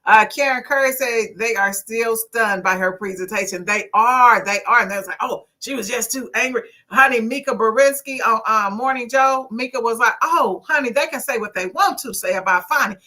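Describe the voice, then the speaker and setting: Bright outspoken woman in her fifties. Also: a little high, normal speed, few pauses. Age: 50s. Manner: outspoken, lively, preachy, swears. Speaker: livestream talk show host. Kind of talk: casual livestream talk, reading viewer comments.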